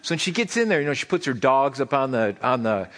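Casting: middle-aged man, pastor giving a chatty, humorous sermon; lively, expressive pitch. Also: quick pace. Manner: conversational, joking, repeats words when starting sentences.

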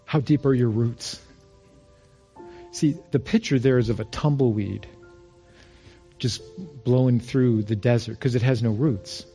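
A male pastor preaching a sermon, telling stories with emphasis and going quiet on key phrases. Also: mid-range voice, a little slow, pauses often, soft background music. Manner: storytelling, quotes others in lively voices.

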